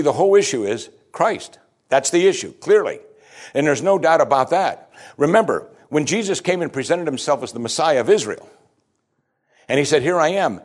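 A pastor preaching a sermon, reading scripture aloud and then explaining it in a conversational way, pushing his voice up to stress key points. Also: mid-range voice. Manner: emphatic, often rising to stress a point.

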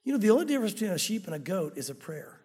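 Male pastor, very high voice, earnest sermon delivery with rhetorical questions, reverberant hall. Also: sing-song, very fast, darkish tone, husky. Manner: earnest, speaks directly to listeners with rhetorical questions.

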